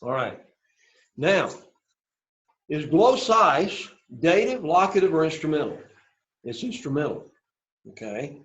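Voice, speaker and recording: A man teaches an introductory Greek class, repeating phrases and often checking in with "right?" and "okay?". His voice is a little high and a bit bright, with big pitch swings, an unhurried pace, and frequent pauses. The roomy classroom recording sounds dull and lo-fi.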